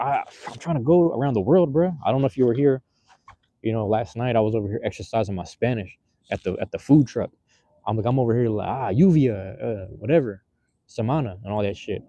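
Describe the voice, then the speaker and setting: Out on the street, a man casually live-chats with his audience through a handheld phone, rambling in slang and often restarting or using fillers. His warm, mid-range voice races along, and there's no echo.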